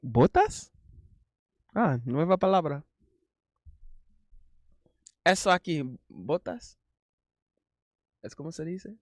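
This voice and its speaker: High-voiced man bantering on a live stream. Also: expressive, slow, pauses often, dry recording, clean studio sound. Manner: exclaiming, laughing often, reading chat aloud.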